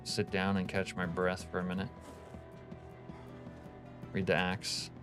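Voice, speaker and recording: Male streamer, low voice, relaxed profane chat-reading banter. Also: unhurried, soft background music. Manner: laid-back, profane, reads chat aloud. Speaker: game streamer. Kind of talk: casual live-stream commentary.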